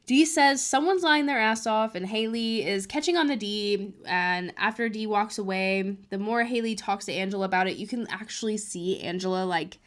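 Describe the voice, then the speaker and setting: A woman hosting a casual recap of a reality show, retelling events in a chatty, animated way with lots of fillers. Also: mid-range voice, normal speed, few pauses.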